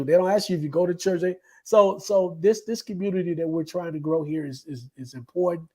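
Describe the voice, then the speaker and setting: Male co-host, high-set voice, earnest and repetitive, laid-back chat on a video call. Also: a little fast, poor audio. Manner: earnest, repeats himself, relaxed storytelling. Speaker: livestream co-host, author. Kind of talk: casual livestream chat.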